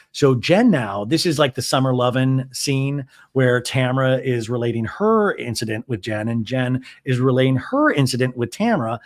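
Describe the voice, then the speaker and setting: A man hosting a podcast, giving casual, animated, self-deprecating recap commentary. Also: mid-range voice. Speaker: podcast host.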